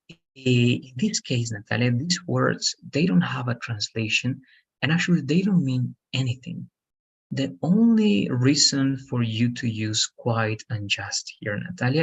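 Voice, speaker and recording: Husky man patiently teaching English. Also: medium pitch, highs cut off. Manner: patient, repetitive explaining with frequent "all right" and "okay". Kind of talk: one-on-one online lesson.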